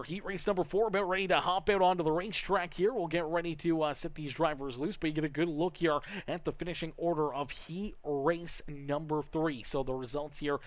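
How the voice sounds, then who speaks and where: An excitable male race commentator calling play-by-play with a slightly raised voice. He gets louder on passes and flags. A faint hiss of noise sits under the recording. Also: high-pitched. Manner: excitable lead calls, rising loud on passes and flags; chatty aside reading viewer comments. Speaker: race commentator for a sim racing league stream.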